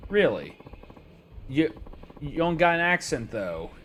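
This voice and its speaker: A man voicing a blunt, easygoing middle-aged ex-convict, reading haltingly with many restarts. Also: fairly high pitch, very animated, fairly bright tone, slight background noise, heavily acted. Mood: casual.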